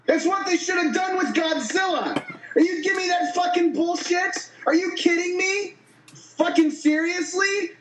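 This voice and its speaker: A man on a podcast delivering a furious, profanity-packed comedic rant, often shouting. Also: very high voice, normal speed, a crowd in the background. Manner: angry, swearing, shouting. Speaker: podcast co-host. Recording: roomy echo.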